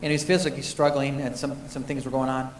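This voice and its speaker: A man's voice: medium pitch, little pitch movement, fast, a little hiss or hum. A man sharing a personal faith testimony, telling it earnestly with frequent restarts. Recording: echoey hall from a distance.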